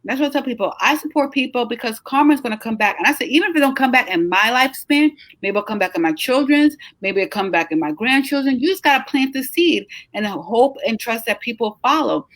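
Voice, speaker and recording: A woman's voice: fairly high pitch, dry recording. Woman host, middle-aged, chatty and upbeat, tired, dry close sound, casual live chat. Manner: chatty, animated, encouraging, drawn-out emphatic words. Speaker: host, travel agency owner.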